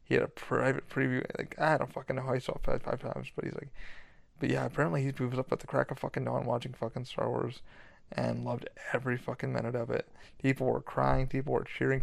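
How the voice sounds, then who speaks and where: A man hosting a podcast, talking in a rambling, excitable way and swearing a lot. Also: medium pitch, creaky, no echo. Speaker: podcast host. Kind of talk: casual monologue.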